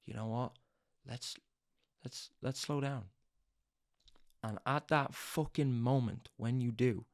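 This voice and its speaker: A man's voice: mid-range voice, creaky. A young man giving an intense, profane motivational monologue as podcast host, hammering home each point through repetition.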